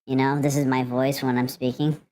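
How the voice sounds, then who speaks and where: A man talking through a pitch-shifting voice changer that makes him sound silly, with a chatty, goofy manner. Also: level tone, brisk, darkish tone, a little hiss or hum.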